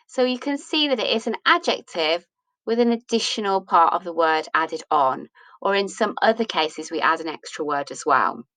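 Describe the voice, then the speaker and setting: A woman's voice: mid-range voice, a bit bright, no room sound, low-quality recording. A woman teaching English grammar, patiently explaining rules and asking questions that she answers herself. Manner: patient, asks and answers her own questions.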